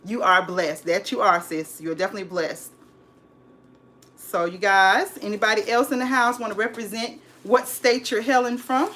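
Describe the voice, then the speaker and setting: A woman's voice: medium pitch, steady tone, moderate pace, a bit bright. A woman, bubbly and hyped, greeting viewers on a home decor livestream. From California. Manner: bubbly, hyped, calls viewers sis and honey. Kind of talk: live-stream chat. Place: home, indoors.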